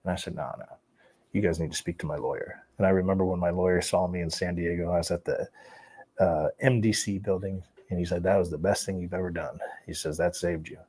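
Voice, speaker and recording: A man telling his life story in an interview, animated and profane, often laughing as he talks. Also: low-pitched, fast talker, breathy edge.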